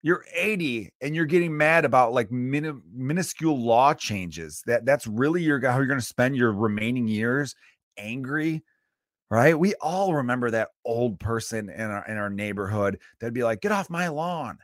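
A man's voice: mid-range voice, normal speed, dry recording, studio quality. A man in his thirties from Chicago, hosting a solo podcast and ranting in a profane, preachy way. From Chicago area. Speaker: podcast host.

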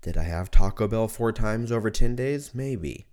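A man's voice: on the low side, animated, normal speed, darkish tone. A man hosting his own podcast in a casual solo monologue, drunk, congested, rambling and swearing freely. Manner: rambling and profane. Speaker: podcast host. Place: at home.

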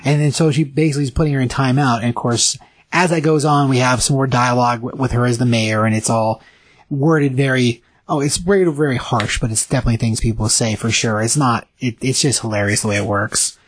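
Male co-host, casual comic recap, husky and dry, animated. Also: mid-range voice, dry recording. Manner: animated, acts out comic dialogue in quick voices.

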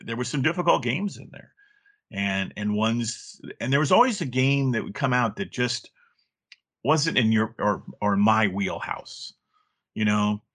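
Middle-aged male guest, low register, loose rambling delivery. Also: fairly bright tone. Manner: rambling, many restarts and fillers. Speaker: guest, former game play counselor. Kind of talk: casual interview talk.

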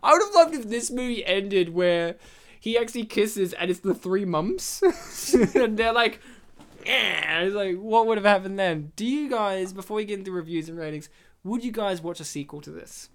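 Woman host, smooth clear voice, chatty and animated, laughs a lot, casual podcast talk. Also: medium pitch, normal speed. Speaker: podcast host reviewing a movie. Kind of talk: casual chat.

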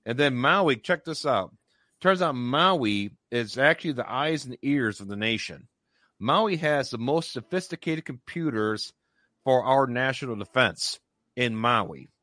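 A man's voice: mid-range voice, lively intonation, a little slow, sharp tone, dry recording, clean studio sound. A man hosting a casual discussion, making emphatic points and stopping often to say "okay".

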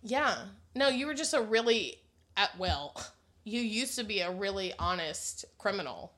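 A woman's voice: mid-range voice, animated, moderate pace, fairly bright tone. Mom co-host in her thirties; blunt, giggly storyteller with a potty mouth. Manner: laughing, blunt, swears freely. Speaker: podcast co-host, mother. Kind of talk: casual storytelling chat.

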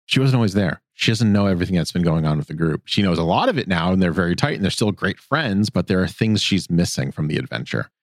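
Deep-voiced lively man recapping a cartoon. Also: fast talker, hardly any pauses, dry recording, studio quality. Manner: animated, puts on silly voices for characters. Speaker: podcast co-host. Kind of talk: casual recap chat.

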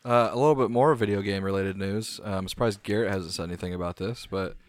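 A man's voice: lowish voice, fast, dry recording, studio quality. A man co-hosting a podcast, laid-back in casual chat and swearing when riled up. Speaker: podcast co-host.

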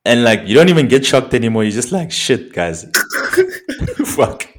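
A man's voice: medium pitch, wildly swooping pitch, unhurried. A young South African man with a South African accent, chatting casually as a podcast co-host, laid-back and slangy with plenty of swearing. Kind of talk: casual chat.

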